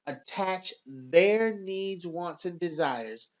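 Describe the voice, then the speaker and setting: A man giving a scripted sales training narration in an instructive, measured and emphatic way. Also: sits high, expressive, dull audio.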